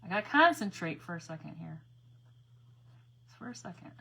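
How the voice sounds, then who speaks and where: A woman's voice: fairly low pitch, big pitch swings, fairly quick, creaky, pushed and bright, slightly rough. A woman chatting casually to her viewers while doing a craft project, laughing often and muttering to herself as she works. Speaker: craft vlogger.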